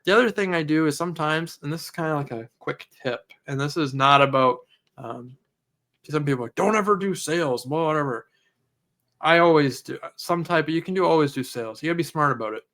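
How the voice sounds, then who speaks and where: A man co-hosting a casual podcast, telling lively stories and acting out customer conversations. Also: fairly high pitch, fairly quick. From Canada. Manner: animated storyteller, acts out customer dialogue. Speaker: podcast co-host, auto detailer.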